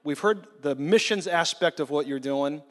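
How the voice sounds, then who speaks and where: A male pastor reads out church announcements in a friendly, informal way. His voice sits a little high. It rings out with a long reverb in the church hall. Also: moderate pace, fairly bright tone. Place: church sanctuary.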